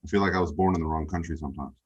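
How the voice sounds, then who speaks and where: Husky low-voiced male guest. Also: racing, muffled recording. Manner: rambling, relaxed, many fillers. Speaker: guest coach. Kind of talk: casual interview chat.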